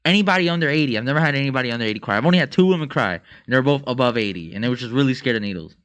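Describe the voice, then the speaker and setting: A man's voice: medium pitch, expressive, rapid-fire, fairly bright tone. A man co-hosting a podcast, telling a story casually with slang and frequent laughter. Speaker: podcast co-host.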